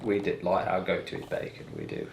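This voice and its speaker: A man's voice: sits low, huge pitch swings, a little fast, creaky, noisy background. A man, a pro cyclist vlogging in a casual, joking, rambling way. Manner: chatty, joking, rambling with fillers. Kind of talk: casual chat.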